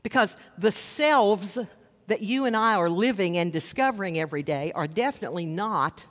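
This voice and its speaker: A man's voice: sits high, expressive, fairly bright tone. Guy preaching a sermon in a church, chatty and wry, drags out the big lines, long hall echo. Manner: conversational, wry asides, slows down for emphasis. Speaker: pastor. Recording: long reverb of a large hall.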